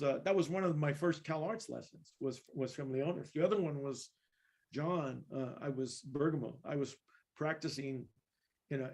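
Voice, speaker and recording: In a relaxed interview, this man from East Los Angeles, California, a guest percussionist, wanders through anecdotes, restarting often, using many fillers and laughing as he goes. His voice is a little high and a little mellow.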